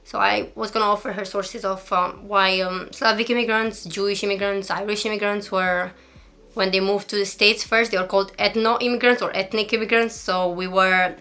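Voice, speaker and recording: A woman's voice: mid-range voice, steady tone, normal speed, pushed and bright. A young woman from Eastern Europe talking earnestly and defensively in a commentary vlog, close to tears at times. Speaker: YouTuber.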